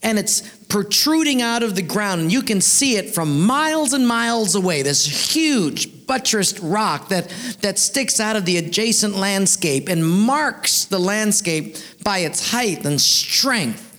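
A man in his thirties preaching a sermon, telling stories in an animated way. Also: high-pitched, unhurried. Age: 30s. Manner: animated storyteller, acts out voices. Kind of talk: storytelling sermon.

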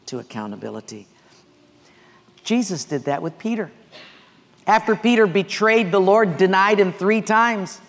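A man's voice: high voice, in a large hall, a little hiss or hum. A man preaching a sermon, telling stories and asking the congregation questions to answer aloud. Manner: storytelling with call-and-response questions. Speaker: pastor.

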